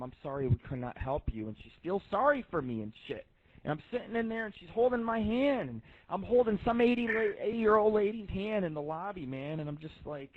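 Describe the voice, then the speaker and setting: Brief: male radio host, profane rambling storyteller, thin phone-quality audio. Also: high-pitched. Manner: crude, swears constantly, rambling. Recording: tinny phone-like line.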